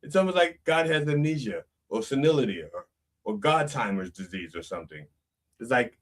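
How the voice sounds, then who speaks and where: Male reverend host, comedic sermon, rambling and self-correcting, very animated pitch, sitting off-mic. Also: normal speed, distant mic.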